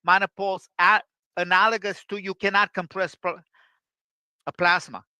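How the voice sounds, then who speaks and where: A man in a casual discussion, speaking in halting bursts with frequent restarts. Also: sits high, level tone, bright, forceful tone, clear, resonant tone, no echo.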